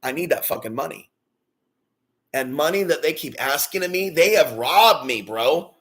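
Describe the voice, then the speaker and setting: Ranting, bitter man, higher-pitched. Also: expressive, normal speed, fairly bright tone. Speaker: vlogger. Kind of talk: angry personal rant.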